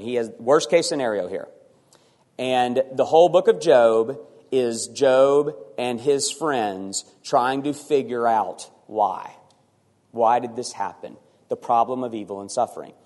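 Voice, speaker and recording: A man preaching a sermon as pastor, animated and sometimes acting out voices for emphasis. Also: medium pitch, moderate pace, big-room sound.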